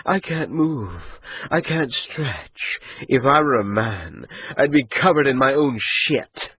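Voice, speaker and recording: A man voicing a calm, mocking captive spirit. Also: mid-range voice, husky, dry recording, highs cut off. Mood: taunting. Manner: slow, calm, mocking drawl. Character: amused, cruel captive male spirit.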